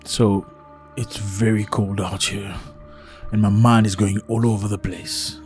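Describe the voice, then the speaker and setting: A man from Africa, hosting a casual opinion vlog outdoors and firing rhetorical questions at his viewers in an excitable way. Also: on the low side, a little slow, soft background music. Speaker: vlogger host. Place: outdoors in cold weather.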